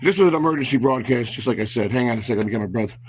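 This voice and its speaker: A man's voice: medium pitch, racing, darkish tone, breathy edge. A man hosting a walk-and-talk vlog outdoors, rambling with lots of fillers and stammered repeats, recorded on a handheld phone. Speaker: vlog host.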